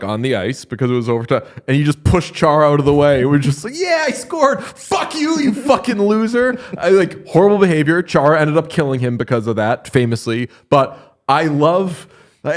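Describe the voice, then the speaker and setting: A man co-hosting a hockey podcast, telling stories in a joking, animated way. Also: fairly high pitch. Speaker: podcast co-host. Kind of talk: casual hockey chat.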